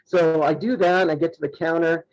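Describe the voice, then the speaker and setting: Man, podcast guest, shy and chatty storyteller; somewhat high voice, dull lo-fi recording. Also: steady tone, a little fast, darkish tone. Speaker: guest, horror host. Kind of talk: casual interview chat.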